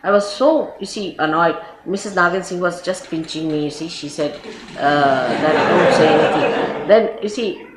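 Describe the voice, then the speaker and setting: A woman's voice: lowish voice, normal speed. A woman with an Indian English accent giving an informal spiritual talk, telling stories with chatty asides and laughter. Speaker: spiritual teacher. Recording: roomy archive recording with faint hiss.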